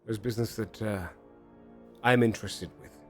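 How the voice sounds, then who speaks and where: A man voicing a smug, wealthy male lord who speaks softly and languidly in a tabletop game. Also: lowish voice, fairly even intonation, normal speed, soft background music, lightly acted. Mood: aloof.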